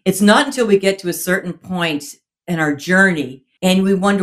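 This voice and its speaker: Low-voiced woman, reflective and faith-centered. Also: normal speed. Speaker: guest author. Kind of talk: casual chat.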